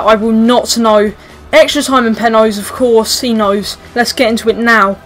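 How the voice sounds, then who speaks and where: A young woman giving excitable gameplay commentary, swearing, pleading and shouting at the match as it unfolds. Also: on the high side, moderate pace, soft background music. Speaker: gaming YouTuber.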